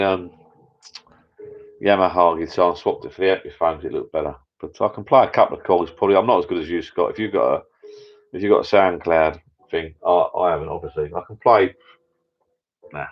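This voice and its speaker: Low-voiced man chatting casually. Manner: rambling, chatty, many restarts. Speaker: channel host. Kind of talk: casual live chat with viewers. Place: home bar room. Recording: dull lo-fi sound.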